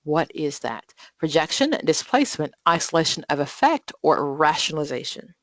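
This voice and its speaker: A woman's voice: sits low, very animated, normal speed, no room sound. A woman instructor leading an exam prep study group, reading practice questions aloud and then quizzing and explaining in a chatty way, with frequent fillers and self-corrections. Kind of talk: live online study group lesson.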